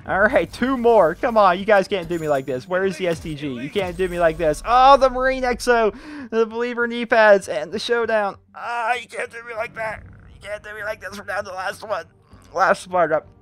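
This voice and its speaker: A young man with a fairly high voice narrates his gaming session, swinging between exasperated pleading and quick item rundowns. Faint music plays underneath. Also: a bit bright. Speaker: gaming YouTuber. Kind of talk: gameplay commentary.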